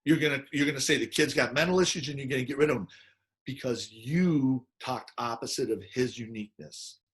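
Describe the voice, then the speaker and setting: A man giving an animated teaching talk, acting out quoted people in loud, excited bursts. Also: medium pitch, brisk. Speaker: personality model speaker.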